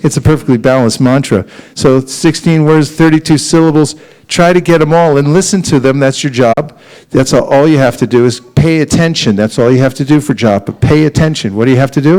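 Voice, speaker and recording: A man giving a lively, humorous devotional talk at a temple and leading group chanting. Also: a little high, fairly quick, poor audio. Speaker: spiritual teacher.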